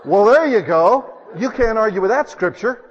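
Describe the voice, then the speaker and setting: Male preacher, high voice, animated storytelling, dull lo-fi sound, long hall reverb. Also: normal speed. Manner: animated storytelling, swings from loud to hushed. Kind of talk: sermon.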